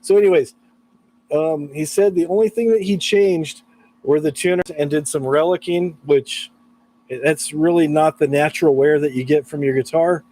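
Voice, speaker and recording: A man's voice: on the high side, moderate pace, dark tone, rough recording. A man chatting casually on a live stream about guitar repair, laughing often and reading out chat messages.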